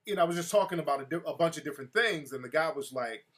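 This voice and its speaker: Animated streetwise male show host. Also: on the high side, rapid-fire. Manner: loose, streetwise, animated storytelling; replies to live chat mid-story. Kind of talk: casual live-show monologue.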